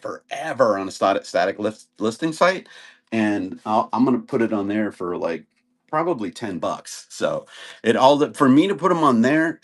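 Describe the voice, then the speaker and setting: A talkative man runs a casual live-stream sale. His pitch moves up and down a lot as he chats, and his voice sits in the middle of the male range. He rambles loosely and keeps adding little fillers. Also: a bit bright. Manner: rambling, chatty, says "and stuff" often. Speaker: live auction seller.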